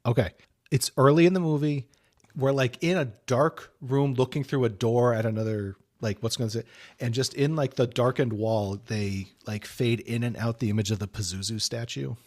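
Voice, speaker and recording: A man's voice: mid-range voice, steady tone, moderate pace. A man co-hosting a podcast in casual chat, joking with crude humor and laughing easily. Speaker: podcast co-host.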